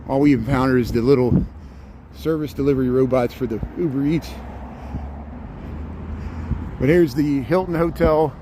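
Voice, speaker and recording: A man's voice: mid-range voice, a little fast. A man with a Chicago accent live-streaming a walking tour, chatting casually and greeting viewers by name as he walks outdoors. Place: outdoors on a busy city street. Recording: clear traffic noise behind.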